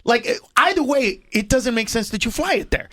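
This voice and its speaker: A male comedian, a guest on a morning radio show, talking in an excitable, animated way and laughing as he goes. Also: extremely high pitch, moderate pace. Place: radio studio.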